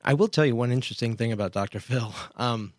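A man's voice: mid-range voice, fast, no echo, clean studio sound. A man from Kansas hosting a show, commenting casually with chatty asides and incredulity. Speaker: show host.

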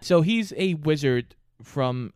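A man's voice: fairly high pitch, lively intonation, slow, darkish tone, smooth, no room sound, studio quality. A man co-hosting a casual movie review chat, laying out the plot in an easygoing way. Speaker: podcast co-host.

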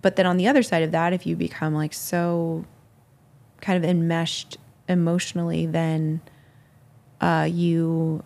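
A woman who leads a ministry thinks out loud about how she handles criticism. Her voice sits a bit low and has a gravelly fry. Her answers meander and are full of fillers. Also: level tone, a little slow. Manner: rambling, self-reflective, laughs easily. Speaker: ministry leader. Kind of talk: reflective interview answer.

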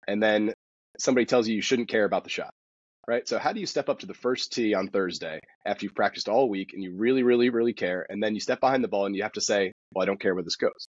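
A man, a golf instructor, talking as a podcast guest in quick, animated stories full of restarts. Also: on the low side, husky, dry recording, dull audio. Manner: rapid, animated storytelling with many restarts. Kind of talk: casual podcast interview.

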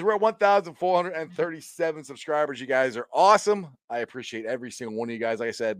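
A man from hosting a sports podcast, excitable and laughing often as he hypes his listeners. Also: medium pitch, no room sound, studio quality. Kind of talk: casual sports podcast chat.

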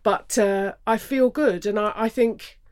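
A middle-aged woman, an actor talking as a guest in a casual interview, reflective and halting. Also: medium pitch, darkish tone.

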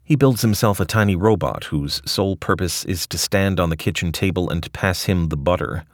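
A man's voice: sits low, moderate pace, dry recording, clean studio sound. A man narrating a scripted audio essay with a wry, ornate delivery.

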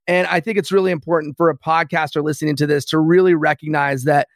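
A man hosting a podcast interview, asking measured, prompting questions. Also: fairly high pitch, level tone, dry recording, studio quality. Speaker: podcast host.

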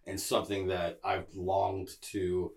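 A man's voice: deep voice, completely flat delivery, slow, gravelly, darkish tone. A man hosting a casual podcast chat, telling stories animatedly with laughs and casual swearing. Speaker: podcast host.

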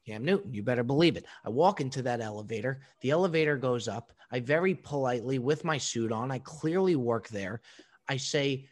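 A man co-hosting a podcast, telling a story to his co-host in an animated, profane way. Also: medium pitch, brisk. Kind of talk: casual storytelling chat.

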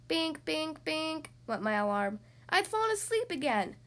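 A woman hosting a children's podcast, reading a picture book aloud in an expressive, animated way. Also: high-pitched, a little slow, few pauses. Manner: animated and expressive, acting out the characters. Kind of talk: storybook read-aloud.

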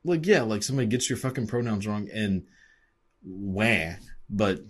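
Reacting to videos, a man with a lowish, expressive voice rants at a quick pace. He's angry and sarcastic, swearing constantly and packing his speech with "like" fillers.

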